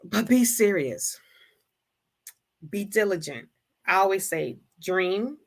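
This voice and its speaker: A woman hosting a livestream, giving a preachy motivational talk and acting out imagined people in quick asides. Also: mid-range voice, animated. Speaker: livestream host. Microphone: streaming setup.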